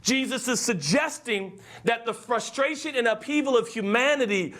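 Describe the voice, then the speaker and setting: A man preaching a sermon with a lot of emotion, acting out the voices he quotes and swinging from hushed lines to loud ones. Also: very high-pitched, moderate pace. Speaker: pastor.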